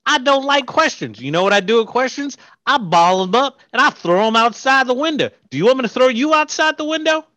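A man doing a shrill, bullying hardware-store boss in an improv comedy scene. He barks sarcastic orders, his voice sharp and high with big swings of pitch, recorded close and dry. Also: expressive, a little fast, few pauses, no room sound, exaggerated voice. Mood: bossy. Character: bossy tyrannical male hardware-store boss.

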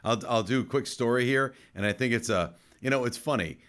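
Man, podcast host, casual chat, rambling storyteller, jokey asides, average pitch. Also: brisk, fairly bright tone.

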